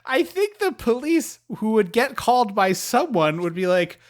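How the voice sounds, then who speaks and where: A podcast co-host in casual movie chat, emphatic, dropping low to agree. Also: sing-song, moderate pace.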